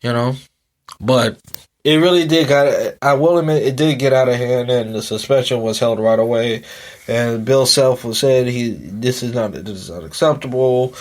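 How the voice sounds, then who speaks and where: Speaking at a normal speed with a medium pitch and fairly even intonation, this thirtysomething sports podcaster sounds tired and keeps yawning. His commentary is a loose, repetitive rant full of "um" and "you know."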